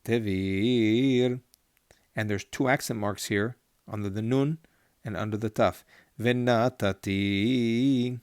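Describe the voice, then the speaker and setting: A man teaching Torah cantillation, slowly chanting Hebrew words and then explaining them in a patient, step-by-step way. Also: lowish voice, fairly even intonation, no room sound, clean studio sound.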